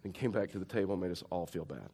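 A man's voice: low voice, animated, racing, mellow, husky. A man preaching a sermon as a pastor, telling stories in a plain-spoken, conversational way.

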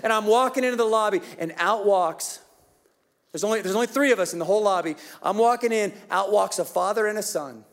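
Delivering a Christmas sermon, this pastor recounts a story in a lively, animated way before dropping to a hushed, tender tone. His voice is high-pitched and a little fast.

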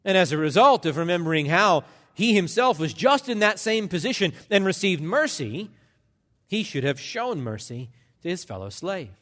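A male pastor delivers an impassioned sermon, his voice swinging widely and sitting somewhat high. He hammers points with emphasis and dramatic pauses. The sound carries the long reverb of a large church hall. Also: big pitch swings, fairly bright tone.

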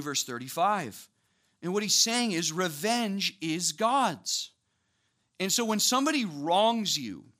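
A young man preaching a sermon to a church audience, talking conversationally and building to animated emphasis. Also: high voice. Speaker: pastor.

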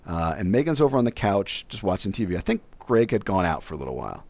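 Animated young man telling a story. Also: low-pitched, fast. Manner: animated, acts out other people's voices. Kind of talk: casual storytelling.

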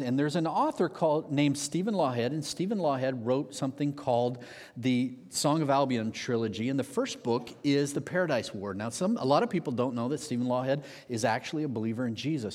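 A man preaching a sermon, telling a story with lively energy and acting out the quotes. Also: mid-range voice. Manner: animated storyteller, acts out shouted quotes. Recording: long hall reverb.

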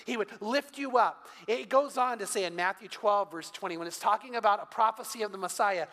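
Here an older man preaches, his high, fairly bright voice moving at a brisk clip. Speaking as a pastor in a church sanctuary, he tells stories conversationally and adds a little humor, all under long hall reverb.

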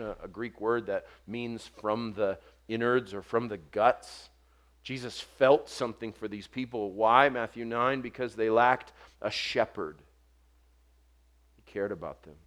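A man preaching a sermon, earnest, building to forceful emphasis and dropping soft on quoted words. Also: on the low side. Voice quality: short stature mentioned, not vocal.

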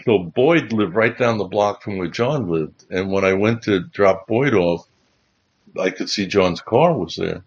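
In a slightly rough, lowish voice, a man who hosts a Bible livestream as chaplain shares anecdotes a little slowly but animatedly, wandering off track, restarting sentences, and laughing softly as memories come back. The stream audio is dull and lo-fi.

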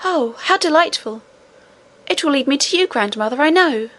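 A woman's voice: high voice, lively intonation, moderate pace, pitched above the performer's own voice. A woman voicing a young princess girl, eager and earnest, with a pleading manner.

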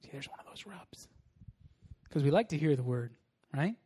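A young man preaching a sermon with a slightly high voice. He talks casually and animatedly, telling stories and moving between loud bursts and quiet asides. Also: moderate pace, husky. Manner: casual, animated storytelling with laughs. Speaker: pastor.

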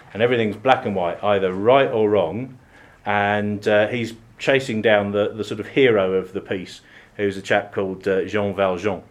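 Man, southern English accent, priest, sermon, chatty, halting, church. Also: on the low side. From England. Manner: chatty, self-deprecating, many ums and restarts.

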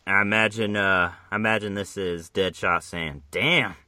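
A man's voice: low voice, fairly even intonation, normal speed, sharp tone, smooth, no room sound. A man reading a comic book aloud with a friend, in a profane, rambling, jokey casual chat.

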